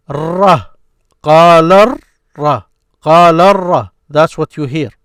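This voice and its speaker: A man teaching a beginners' grammar lesson, explaining patiently and repeating syllables slowly for his learners. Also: a little high, dry recording, clean studio sound.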